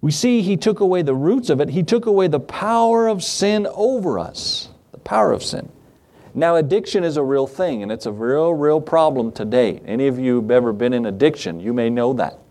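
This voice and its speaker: A man delivering a sermon from the pulpit. His pitch moves a great deal as he preaches. He mixes King James scripture readings with plain, conversational asides and rhetorical questions. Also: expressive, moderate pace, a little mellow. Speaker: pastor.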